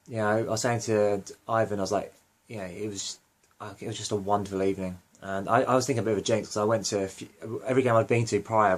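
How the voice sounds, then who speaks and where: A young man talks through a fan podcast in a loose, rambling way. He keeps restarting his sentences and filling gaps with "you know". His voice sits a little low. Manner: rambling, many fillers and self-corrections. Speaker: podcast host. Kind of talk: casual rambling monologue.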